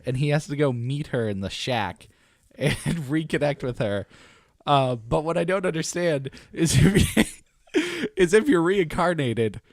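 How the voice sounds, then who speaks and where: A man's voice: mid-range voice, dry recording, clean studio sound. A young man co-hosting a podcast in casual chat, joking and laughing often. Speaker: podcast co-host.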